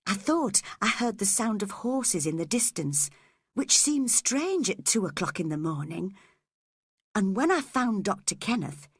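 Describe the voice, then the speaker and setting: Female audiobook narrator: slow, expressive, slightly husky, dry close-mic sound. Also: mid-range voice, no echo. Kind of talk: audiobook reading of a classic novel.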